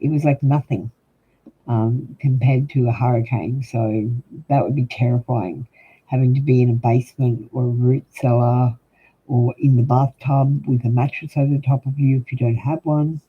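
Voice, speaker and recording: A man's voice: medium pitch, steady tone, normal speed. An older man with an Australian accent, chatting casually and rambling with livestream viewers, full of ums, as a tarot reader. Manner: rambling, chatty, frequent ums, talks straight to chat. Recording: tinny phone-like husky audio.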